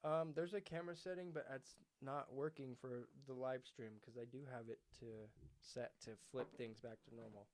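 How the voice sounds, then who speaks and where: A young man co-hosting a casual livestream, with a slightly raspy smoker's voice, chatty and swearing often. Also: medium pitch, fairly even intonation, moderate pace, hardly any pauses. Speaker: podcast co-host.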